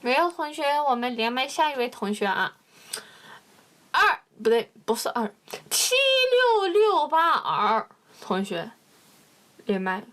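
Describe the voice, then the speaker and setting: A woman's voice: on the high side, very animated, unhurried, fairly bright tone. A woman hosting a livestream, chatty and self-mocking as she moves between callers. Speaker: livestream host. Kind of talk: casual livestream chat.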